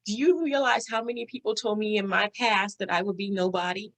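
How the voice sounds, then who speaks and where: A woman hosting a podcast interview, talking in an animated, chatty way with quick bursts and frequent laughs. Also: mid-range voice. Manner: animated, talks fast, laughs often. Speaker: podcast host. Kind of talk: casual interview chat.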